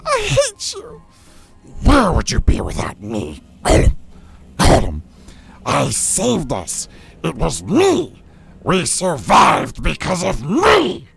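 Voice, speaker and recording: Gollum, gravelly and shrill. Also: male voice, huge pitch swings, slow pace, fairly bright tone, full character voice. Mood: bickering, whiny. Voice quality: gravelly, hissing. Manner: swings between whiny pleading and snarling. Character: wretched male creature arguing with himself. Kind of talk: impression for a game stream.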